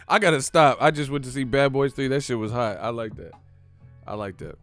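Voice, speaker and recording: A man hosting a boxing channel in casual, playful banter full of slang, often breaking into loud yelled movie catchphrases. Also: mid-range voice, a little fast, no room sound, faint music behind.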